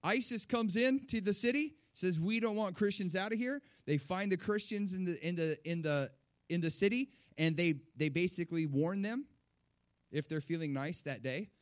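Preaching to his congregation, a middle-aged pastor grows animated, his emphasis rising as he repeats words. The voice sits high, and his pace is moderate.

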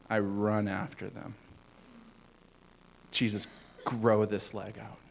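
Low gravelly guy preaching loose and chatty, lots of ums, gets loud then hushed. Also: a little hiss or hum, low-quality recording. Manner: casual, rambling, many fillers, swings between loud and hushed. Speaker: youth pastor. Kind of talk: informal sermon.

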